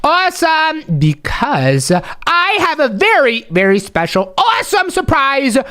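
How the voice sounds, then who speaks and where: A woman hosting a game role-play, talking in an excitable, dramatic, slangy way. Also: high-pitched, takes it slowly. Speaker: host.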